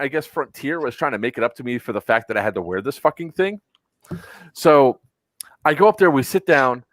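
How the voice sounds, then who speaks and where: Profane, animated man telling a story. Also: mid-range voice, no echo. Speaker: podcast host. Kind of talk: casual storytelling chat.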